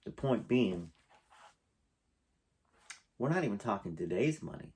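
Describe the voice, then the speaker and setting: A man's voice: mid-range voice, very animated, moderate pace, long pauses, darkish tone. A man reading a memoir aloud and breaking off into rambling, emotional, conversational asides.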